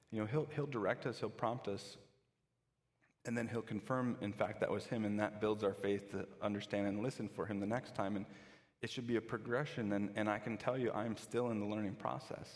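A man's voice: lowish voice, long reverb tail. A pastor giving a conversational sermon, often restarting his sentences.

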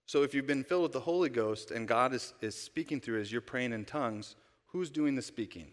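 Long church-hall reverb surrounds a man preaching in a sanctuary, his medium-pitched voice moving fairly quickly. The male pastor keeps the sermon conversational, tossing rhetorical questions at the congregation.

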